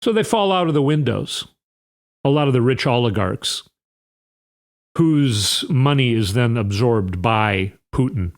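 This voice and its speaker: A man's voice: medium pitch, lively intonation, a little slow. A male podcast host talks through the news in a loose, rambling way. He is sarcastic and opinionated, with plenty of restarts. His voice sits in a middle register. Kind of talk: casual political commentary.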